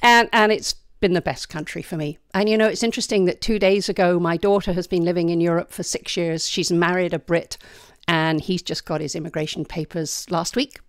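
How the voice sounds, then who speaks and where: Older british lady guest, retired doctor, chatty candid stories, low voice. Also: steady tone, brisk, no echo, clean studio sound. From United Kingdom. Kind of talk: casual interview chat.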